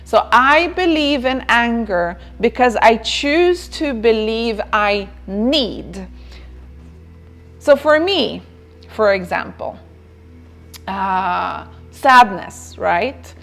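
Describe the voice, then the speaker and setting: A woman's voice: fairly high pitch, lively intonation, very slow, vocal fry, a bit bright, faint music behind. A woman giving a reflective motivational talk on self-care, who repeats phrases and checks in with "right?".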